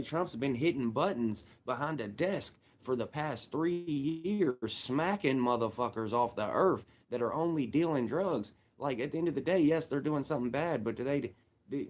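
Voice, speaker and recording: A man's voice: mid-range voice, a little mellow. A man in his thirties giving a heated, profane casual rant, repeating himself for emphasis. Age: 30s.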